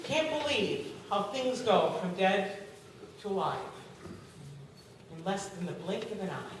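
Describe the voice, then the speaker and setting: Woman pastor, sermon, animated storyteller; far off-mic in a very reverberant church. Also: mid-range voice, a little slow. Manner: lively storytelling, acting out the people in her story. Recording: echoey, far from the mic, faint hiss.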